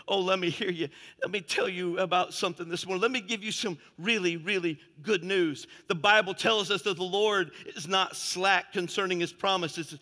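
Fervent high-voiced preacher in a hall. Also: male voice, moderate pace. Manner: fervent preaching, swinging from shouts to hushed tones. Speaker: pastor. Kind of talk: sermon.

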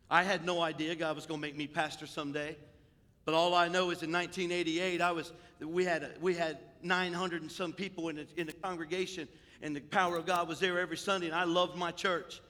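An older man preaching a sermon as pastor, moving between quiet storytelling and loud, rising exhortation. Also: a little high. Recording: echoey hall with long reverb.

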